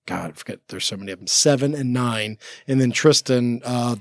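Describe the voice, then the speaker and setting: A man's voice: medium pitch, a little fast, no room sound. Rambling man telling stories, dry sound. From United States. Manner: rambling, many restarts and "like" fillers. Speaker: podcast guest. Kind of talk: casual storytelling chat. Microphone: studio mic.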